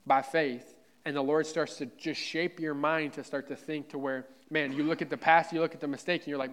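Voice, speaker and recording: A man's voice: a little high, fairly even intonation, fairly quick, a bit bright, slight background noise. A man preaching a sermon in a church, fervent and conversational, repeating himself and talking straight to his listeners. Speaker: pastor.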